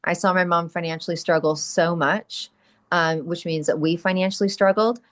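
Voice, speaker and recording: A woman's voice: fairly low pitch, steady tone, normal speed. A middle-aged woman guest on an interview podcast, talking candidly and emphatically, answering her own rhetorical questions.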